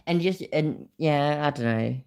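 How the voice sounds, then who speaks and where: Her voice is low-pitched and sing-song, moving at a moderate pace. She's a Leicester woman with an East Midlands English accent, running a relaxed live stream and ranting in meandering, foul-mouthed bursts that accelerate.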